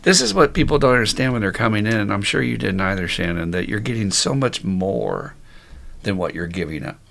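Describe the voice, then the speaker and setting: A man's voice: fairly low pitch, sing-song, brisk, creaky, fairly bright tone. A man hosting a podcast interview, chatting casually and enthusiastically, swearing freely and laughing often. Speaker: podcast host.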